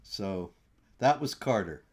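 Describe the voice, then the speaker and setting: A man's voice: lowish voice, lively intonation, breathy edge. Sardonic man hosting a political chat. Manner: conversational, sardonic, halting restarts. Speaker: host.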